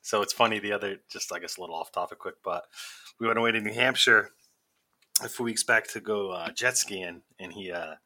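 A man's voice: on the low side, fairly quick, bright, forceful tone. A man with a Boston accent, co-hosting a casual podcast and telling stories with a lot of laughter. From Massachusetts. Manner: laughs a lot, tells stories with friendly banter. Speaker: podcast co-host.

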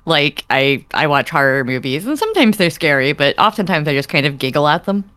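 A woman's voice: low-pitched, sing-song, fairly quick, fairly bright tone, dry recording. A young woman, a podcast guest, chatting casually with lots of fillers and giggles. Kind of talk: casual chat.

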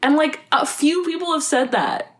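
Chatty young woman cohost, says like a lot, laughs easy, super expressive pitch. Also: normal speed. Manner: chatty, laughing, filler-heavy. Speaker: podcast co-host. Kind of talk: casual chat.

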